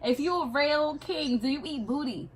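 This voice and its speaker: A woman's voice: sits high, normal speed. A young woman from New York hosting a joking, playful video chat with strangers. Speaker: YouTuber host. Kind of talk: casual prank video chat.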